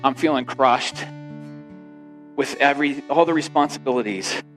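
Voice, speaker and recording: Man preaching a sermon over soft guitar. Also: medium pitch, moderate pace. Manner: storytelling, rising to loud emotional quotes. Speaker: pastor.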